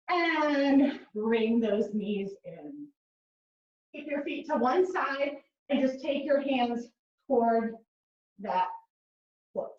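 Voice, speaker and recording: Speaking slowly and pausing often, a pilates instructor from the Netherlands uses a slightly high voice to count reps in rhythmic cues for her mat class, dropping in chatty asides. The audio comes across as roomy, dull and distant.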